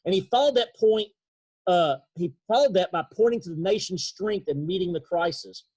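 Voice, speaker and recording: Husky-voiced East Texas man. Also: high-pitched, lively intonation, a little mellow. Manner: earnest, emphatic, slows down for key points. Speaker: leadership speaker. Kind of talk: motivational webinar talk. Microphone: video call.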